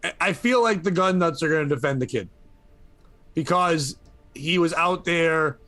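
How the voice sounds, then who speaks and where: A man co-hosting a podcast who talks in a casual, blunt way and likes to tease the other host. His voice sits a bit higher than most men's, and the sound is dry and close, with no room echo. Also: moderate pace, fairly bright tone, faint music behind. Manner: blunt, teasing.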